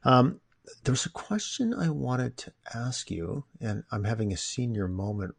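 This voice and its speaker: A man hosting his own podcast, chatting informally with jokes and lively asides. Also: mid-range voice, normal speed, gravelly, slightly rough, dry recording. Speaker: podcast host. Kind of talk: casual interview chat.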